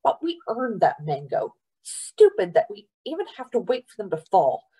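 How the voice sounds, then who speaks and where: A woman's voice: mid-range voice, huge pitch swings, normal speed, warm tone, husky, full character voice. A woman reading aloud, voicing a stubborn, fair-minded boy who speaks earnestly and firmly. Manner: earnest, firm.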